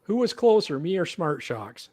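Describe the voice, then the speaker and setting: A man's voice: a little high, big pitch swings, normal speed, a little mellow. A man with a Canadian accent hosting a casual livestream chat, playful and laughing as he keeps score. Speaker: podcast host.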